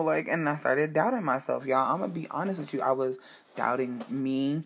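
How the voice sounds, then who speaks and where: A woman's voice: rumbling low, moderate pace, a little hiss or hum. A woman speaking straight to her audience in a candid personal monologue, heartfelt and emphatic, with frank swearing.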